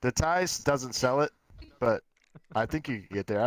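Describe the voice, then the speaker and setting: A man's voice: mid-range voice, expressive, moderate pace, rough recording. A man with an ordinary mid-range voice, joking around as a guest in casual banter. He teases and gives mock-serious advice with a playful edge. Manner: playful, teasing, mock-earnest.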